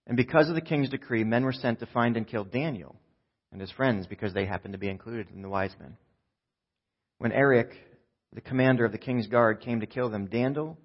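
A man preaching a sermon, retelling a scripture story with lively storytelling and acting out the characters' lines. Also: medium pitch, dull audio. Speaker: pastor.

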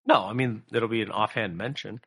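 Bright-voiced, swearing male podcast co-host. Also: on the low side, brisk, vocal fry, breathy edge. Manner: profane, rambling, lots of fillers. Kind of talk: casual podcast chat.

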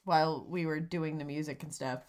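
Dry, low-voiced woman co-host. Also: steady tone, a crowd in the background. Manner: dry, halting, full of restarts. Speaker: podcast co-host. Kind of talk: casual comedic chat.

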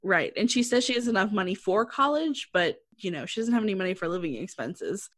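A woman's voice: medium pitch, a little fast, no echo. Dry-sounding chatty woman recapping a show. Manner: chatty, laughs often, quotes characters in flat asides. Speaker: podcast co-host recapping a drama. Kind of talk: casual chat.

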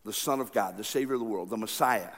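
A male pastor preaching a sermon, swinging between loud passionate cries and quiet, slow asides. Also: on the low side. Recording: long reverb of a large hall.

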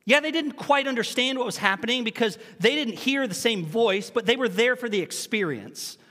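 Man, pastor's sermon, fairly high voice, lingering church-hall reverb. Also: moderate pace. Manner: animated preaching with rhetorical questions and humorous asides. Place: church sanctuary.

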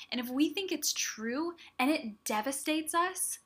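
Bright-voiced young woman podcast host. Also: high voice, animated, a little slow. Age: young adult. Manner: earnest, encouraging, direct address to listeners. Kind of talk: solo motivational talk.

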